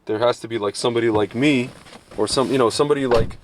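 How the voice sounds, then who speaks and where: A man rambling through a casual podcast chat at an ordinary mid pitch, full of fillers and restarts. He keeps breaking off to mimic the people he talks about in mocking voices. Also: fast talker, slight background noise. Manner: does mocking voices when quoting people. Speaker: podcast co-host.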